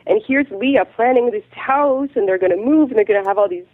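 A woman's voice: a little high, a little fast. A woman from Canada in casual chat on a podcast, talking things through in a thoughtful way. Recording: tinny phone line, husky.

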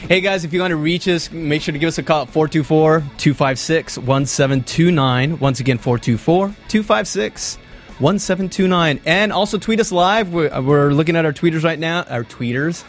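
A man hosting a podcast in casual chat, energetic and rambling, poking fun at himself. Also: a little high, normal speed, faint music behind. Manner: energetic, rambling, self-deprecating. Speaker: podcast host.

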